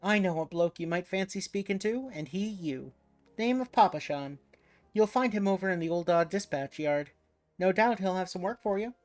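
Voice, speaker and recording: A man reading a brisk, chatty game character who gives directions and friendly warnings. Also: high voice, lively intonation, faint music behind.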